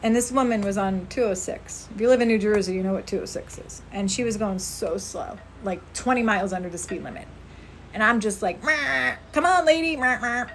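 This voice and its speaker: A woman's voice: mid-range voice, fairly quick, slight background noise. A woman who works as a spirit medium, chatting earnestly on a casual outdoor livestream and thanking viewers by name.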